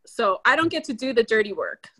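A woman's voice: on the high side, very animated, brisk, over a noisy crowd. A young woman, a guest on a podcast, telling stories in casual chat and laughing often.

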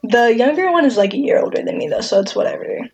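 Husky young woman chatting casually. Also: a little high, lively intonation, fast, a little mellow, rough recording. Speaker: friend in group chat. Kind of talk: casual chat with friends.

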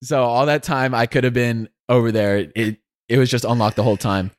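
A man's voice: mid-range voice, steady tone, a little fast. Young man telling a story on a podcast. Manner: storytelling, acts out family members' lines. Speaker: co-host. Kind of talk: casual podcast chat.

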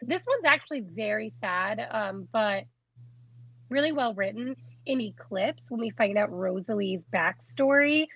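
A woman's voice: medium pitch, expressive, a little slow, slightly rough, highs cut off. A young woman co-hosting a podcast, chatting in a bubbly, giggly way with lots of "like". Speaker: podcast co-host. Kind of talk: casual chat.

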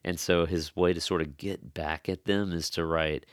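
A man's voice: low voice, fairly even intonation, normal speed, dry recording, clean studio sound. A man preaching an expository sermon in an earnest, conversational way, stressing key phrases.

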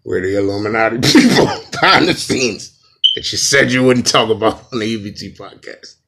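A man voicing a commanding, menacing male secret-society figure who talks loudly and bossily. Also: on the low side, lively intonation, moderate pace, creaky, exaggerated voice. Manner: loud, bossy, breaking into laughs.

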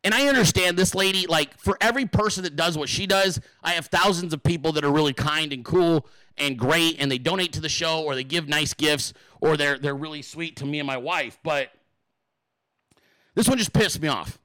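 A man's voice: a little high, normal speed, pushed and bright, dry recording, poor audio. A man hosting his own talk show, venting in an angry, profane, blunt monologue to his viewers. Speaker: show host.

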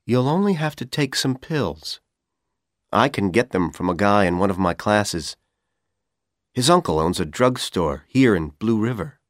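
Man doing a scheming young college guy, calm coaxing tone, low voice, dry close sound. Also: unhurried, no room sound.

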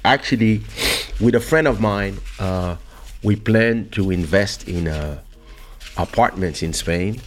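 A man hosting a podcast, chatting casually and telling a family story in an animated way. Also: lowish voice, takes it slowly, a little hiss or hum. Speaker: podcast host. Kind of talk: casual chat.

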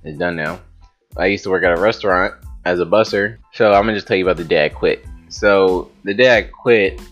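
A man's voice: low-pitched, fairly quick, lo-fi sound, soft background music. A young man telling a story to camera in a casual, rambling way, swearing often and filling his talk with "like.". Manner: rambling, profane, with frequent "like" fillers and laughs.

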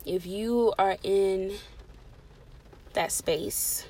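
A woman preaching a sermon with passion, swinging between loud emphatic declarations and soft, intimate pleading, and repeating key phrases for emphasis. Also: mid-range voice, extremely slow.

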